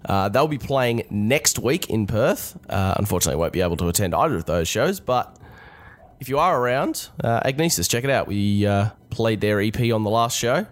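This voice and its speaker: A man hosting a podcast, talking casually in a congested, nasal voice from a cold, relaxed and rambling with restarts. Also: fairly low pitch, a little fast. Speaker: podcast host.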